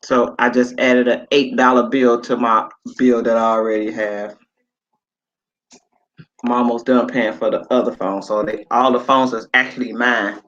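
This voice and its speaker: A man's voice: medium pitch, flat delivery, normal speed, a bit bright. Late-50s man, livestream host, rambling casual chat, muffled phone-quality audio. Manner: rambling, reads viewer comments aloud, swears casually.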